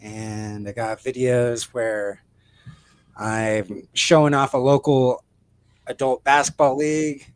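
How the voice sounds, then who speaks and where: A man guesting on a casual live stream, easygoing and quick to agree. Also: mid-range voice, fairly even intonation, clear, resonant tone. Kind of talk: casual chat.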